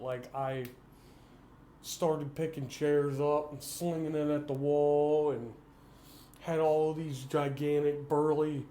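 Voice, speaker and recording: Southern guy rambling through a story, kinda high voice, echoey room with a faint hum. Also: fairly even intonation, measured pace, mellow. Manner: plain-spoken, earnest, rambling. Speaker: vlogger. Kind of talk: personal storytelling. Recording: roomy echo, faint background hum.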